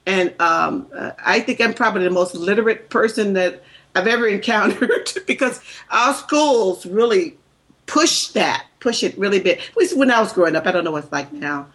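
A woman from the American South with a softened Southern accent, chatting as a podcast co-host, hesitant with fillers and quick to laugh. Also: mid-range voice, lively intonation, poor audio. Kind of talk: casual chat.

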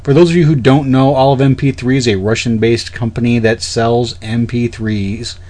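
A man's voice: mid-range voice, fairly even intonation, normal speed, a little mellow. A man co-hosting a casual tech podcast, explaining news in a matter-of-fact way. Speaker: podcast co-host.

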